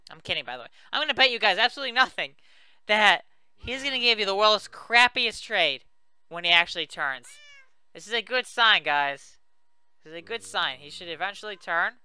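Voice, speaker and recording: Man, let's play host; vivid bright tone, clean and crisp delivery, chatty, self-deprecating. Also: sits high. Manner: chatty and self-mocking, talks to viewers. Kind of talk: casual let's play commentary.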